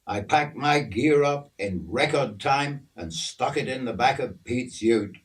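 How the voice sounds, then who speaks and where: A man's voice: lowish voice, slow pace, recorded from a distance. An older man telling a story from his youth in a folksy, conversational way. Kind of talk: storytelling narration.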